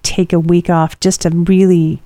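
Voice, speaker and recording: A woman's voice: on the low side, little pitch movement, measured pace, mellow, no room sound. A middle-aged woman, tired, co-hosting a casual chat and telling a rambling personal story. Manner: rambling and chatty, many fillers.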